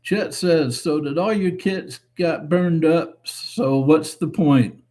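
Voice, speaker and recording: A man hosting a casual live stream, reading viewer comments aloud and answering them in a relaxed, chatty way. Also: a little high, slow. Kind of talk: casual chat.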